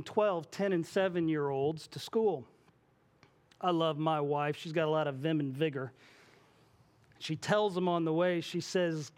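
Male pastor, 40s, high-pitched, lively preaching delivery that slips into quoted voices. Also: a little slow. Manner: animated, acts out quoted voices. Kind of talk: sermon.

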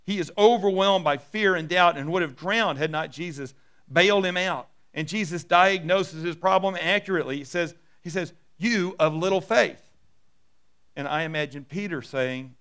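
A middle-aged male pastor preaching a sermon and telling stories, dropping soft and low for quoted lines. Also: normal speed, smooth.

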